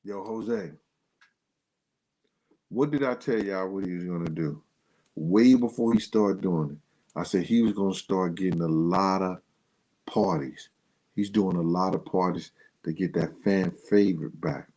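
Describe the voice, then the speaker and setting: A man's voice: measured pace, long pauses, dark tone, low-quality recording. A man hosting a casual livestream, talking loosely and in slang straight to his viewers, his voice jumping up when he gets worked up. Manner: pitch jumps up sharply when worked up. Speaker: livestream host.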